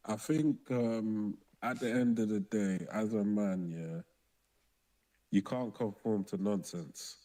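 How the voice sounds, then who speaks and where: A man with a low, mellow voice speaks as a podcast guest. He is firm and matter-of-fact. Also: slow. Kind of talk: casual podcast discussion.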